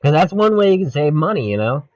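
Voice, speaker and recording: A man's voice: fairly high pitch, big pitch swings, fast, darkish tone, dull audio, soft background music. A man co-hosting a podcast, chatting casually and profanely about a comedy film while quoting its lines. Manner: loose and profane, quoting lines in mock voices. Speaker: podcast co-host. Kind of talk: casual movie review chat.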